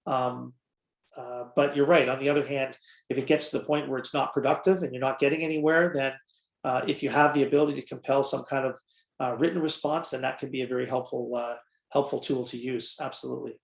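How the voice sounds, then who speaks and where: A man's voice: mid-range voice, steady tone, brisk, vocal fry, reverberant. A man presenting a training webinar in a conversational way, with many fillers, and answering questions from the audience. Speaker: workshop presenter.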